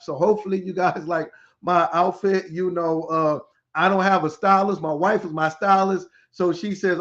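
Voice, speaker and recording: A middle-aged man with a fairly high voice hosts a live podcast, greeting viewers by name one after another. He talks with energy and repeats himself to pump up the audience. The audio is slightly dull and lo-fi. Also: moderate pace. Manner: energetic, repetitive, hypes the audience. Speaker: podcast host, school turnaround specialist.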